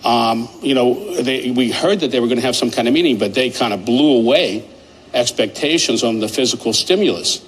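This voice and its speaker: A man talks through market analysis in an animated, rambling way, pressing his points hard. His voice sits at a middling pitch. Faint noise runs underneath. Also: moderate pace, low-quality recording. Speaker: market commentator.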